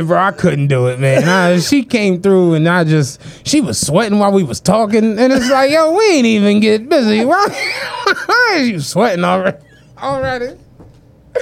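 A man co-hosts a laid-back podcast and spins a story with a pitch that leaps all over. He drops into different voices for the people he quotes and keeps the slang flowing. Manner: animated anecdote-telling, acts out quoted voices, slangy. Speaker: podcast co-host. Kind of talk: casual podcast chat, storytelling.

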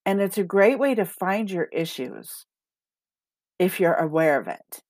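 A woman hosting a casual solo podcast about self-talk, chatty and quick to laugh as she reads out listener comments. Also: fairly low pitch, expressive, darkish tone, dry recording. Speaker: podcast host and manifesting coach.

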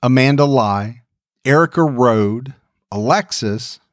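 Middle-aged man, podcast co-host, upbeat and chatty, mid pitch, dry close sound. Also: takes it slowly, dry recording. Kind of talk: casual podcast chat.

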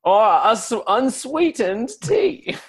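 A man voicing a pompous, courtly southern gentleman in an improv comedy bit, speaking in a flowery, archaic drawl. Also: very high-pitched, very animated, slow, slightly rough, voice pushed up, heavily acted. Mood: courtly, leering.

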